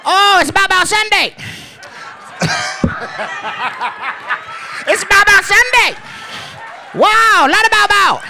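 Man doing a very high, bouncy card dealer, giddy, broken English. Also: lively intonation, very slow, pauses often, very noisy, exaggerated voice. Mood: excited. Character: excitable chatty male casino card dealer.

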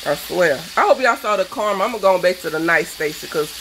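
A woman's voice: on the low side, expressive, fast, a bit bright, a little hiss or hum, poor audio. A woman, a cooking show host, delivering a fervent, preachy rant that scolds her viewers. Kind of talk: impassioned vlog rant.

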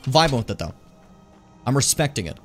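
Faint music plays behind a man streaming a fantasy RPG. Speaking a little fast in a mid-range voice, he jokes around and chats with viewers, keeping the commentary casual and animated.

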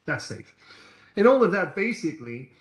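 Animated preacher man in an echoey room. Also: sits high, normal speed. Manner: conversational, animated storytelling preacher. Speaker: pastor. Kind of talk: sermon. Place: church hall.

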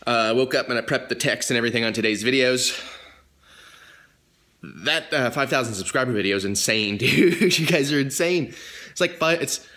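A young man talks casually to his camera in a vlog. His voice is bright and ringing, and his speaking pitch sits in a middle range. He turns animated and swears freely when something annoys him. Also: moderate pace. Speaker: vlogger.

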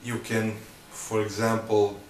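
Slow-talking man teaching drum sticking. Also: fairly low pitch, completely flat delivery, slight background noise. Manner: counts beats aloud, loose non-native phrasing. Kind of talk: instructional demonstration. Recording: echoey room, mic at a distance, loud clatter.

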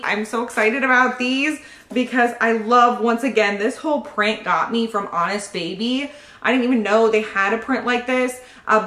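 A young pregnant woman chats through a casual unboxing vlog, gushing over every little gift and thanking each sender in turn. Her voice sits at a middle pitch and bounces around a noticeably echoey room. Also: fairly bright tone. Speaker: vlogger opening baby gifts.

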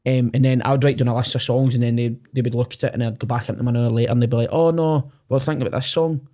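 A man's voice: medium pitch, monotone, very fast, dark tone. A young man in his twenties with a Glaswegian accent, telling stories in casual chat, swearing freely and acting out what people said. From Scotland. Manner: swears freely, acts out quotes, keeps asking "do you know what I mean". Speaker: podcast guest, singer.

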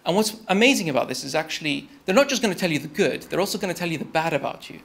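Speaking rapid-fire in a high, creaky voice, a young man gives a TED-style talk. His storytelling is relaxed and conversational, and he keeps addressing the audience directly as "you."

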